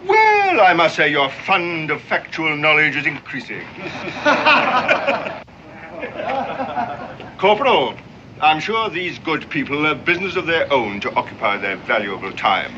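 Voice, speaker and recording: A man's voice: fairly high pitch, very animated, slow pace, long pauses. An actor playing a haughty male naval commodore who speaks formally with dry sarcasm. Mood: sarcastic, commanding. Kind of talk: 1960s TV drama acting. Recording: muffled old TV soundtrack with background noise.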